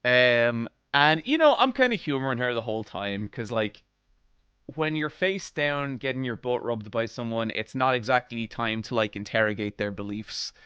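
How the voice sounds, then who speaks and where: A man streaming live, telling a funny story to his chat in a casual, animated way, laughing and quoting others. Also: medium pitch, normal speed, clean tone, no echo, highs cut off. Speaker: streamer host.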